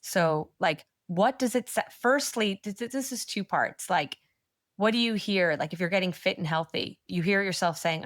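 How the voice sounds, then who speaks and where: A woman, a manifestation coach speaking as a podcast guest, telling stories in a lively, blunt and encouraging way with lots of "like". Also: mid-range voice, no echo, clean studio sound. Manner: animated storyteller, quick asides with frequent "like". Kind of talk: casual podcast interview chat.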